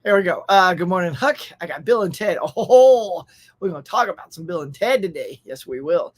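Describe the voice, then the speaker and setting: A man's voice: high voice, animated, quick pace, a bit bright, slightly rough. A man with an American accent hosting a live pop culture stream, chatting casually, reading out viewer names and laughing often. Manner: upbeat, chatty, laughs often, reads chat aloud.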